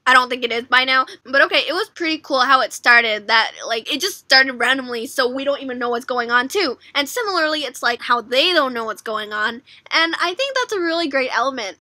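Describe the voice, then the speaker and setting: A young woman hosting a reaction video, gushing and giggling with excitement. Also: high-pitched, fairly quick, few pauses, no echo.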